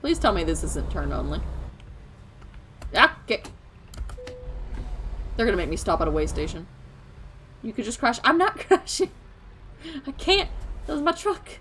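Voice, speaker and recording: A woman live-streams a driving game, chatting casually and answering both the traffic and her chat in a medium-pitched, sing-song, fairly bright voice. She's unhurried, with long pauses, while the game's truck engine and road noise come through clearly.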